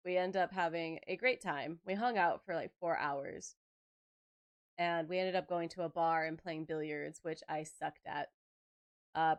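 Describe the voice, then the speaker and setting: A young adult woman chatting casually on a game stream, telling stories animatedly with laughter and acted-out quotes. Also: on the low side. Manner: animated storyteller who laughs and acts out quotes. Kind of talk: casual live-stream chat.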